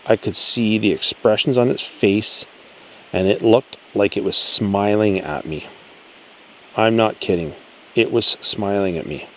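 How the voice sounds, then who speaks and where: A man with a lowish voice reads a listener's story aloud at a slow, unhurried pace. His delivery is earnest and measured, with pauses between phrases. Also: a little hiss or hum, poor audio. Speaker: channel host.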